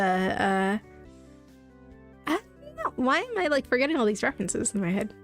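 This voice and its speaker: A woman's voice: fairly high pitch, very animated, normal speed, a bit bright, faint music behind. A woman streamer giving casual, giggly, rambling commentary while playing a game. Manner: giggly, rambling, self-deprecating. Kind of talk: casual let's-play commentary.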